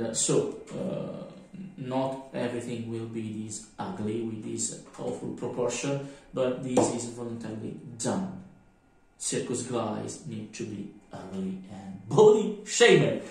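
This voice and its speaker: A man with a French accent giving a casual hands-on tutorial, thinking aloud and halting as he works. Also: medium pitch, gravelly. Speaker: miniature painting tutor. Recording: echoey room, mic at a distance.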